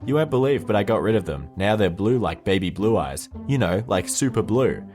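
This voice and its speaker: A man's voice: lowish voice, animated, a little fast, darkish tone, faint music behind, natural voice. A man reading out a text message in the voice of a bubbly, oversharing young woman who rambles on breathlessly. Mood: chirpy. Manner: gushing, rambling, breathless chatter.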